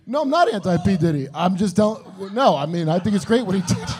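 A man's voice: high-pitched, sing-song, fast talker, darkish tone. A man doing crude, provocative comedic banter on a live podcast at an event venue. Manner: brash, provocative, joking. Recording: live room with audience noise.

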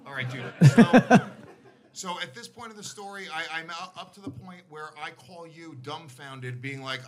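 A man telling a story in a casual comedy podcast, animated and swearing freely, often restarting his sentences. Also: a little high, normal speed. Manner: animated, profane, repeats himself.

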